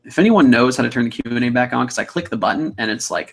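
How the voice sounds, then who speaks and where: Young guy on a livestream, chatty, rambly, gravelly voice. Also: mid-range voice, animated, fast. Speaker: livestream host. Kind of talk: casual livestream chat reading comments.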